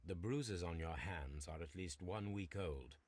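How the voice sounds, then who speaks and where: An actor playing a calm, methodical Victorian detective in a video game, questioning witnesses in measured, formal speech. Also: male voice, deep voice, crowd noise. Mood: probing.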